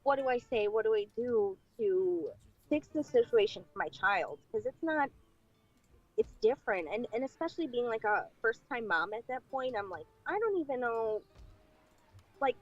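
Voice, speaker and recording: A woman's voice: a little high, lively intonation, moderate pace. A woman telling a personal story on a podcast in a chatty way, with many fillers and retold dialogue. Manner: chatty, filler-heavy, acting out past dialogue. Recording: dull lo-fi clip with faint music.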